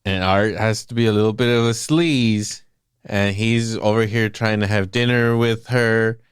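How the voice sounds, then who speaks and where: A man's voice: on the low side, measured pace, clean tone, dry recording, studio quality. A man co-hosting a casual movie podcast, talking in a loose, profane way and acting out the characters' lines with energy. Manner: animated, profane, acts out quotes. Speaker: podcast co-host.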